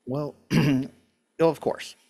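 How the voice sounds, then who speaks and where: A middle-aged man, a doctor appearing as a guest on a health show, explaining things in a relaxed chat and laughing often. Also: fairly high pitch, very slow.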